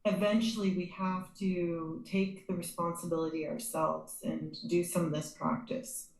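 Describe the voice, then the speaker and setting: A woman podcast host speaking in a measured, affirming way, often checking for agreement. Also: lowish voice, level tone. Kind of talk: conversational interview. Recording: echoey room.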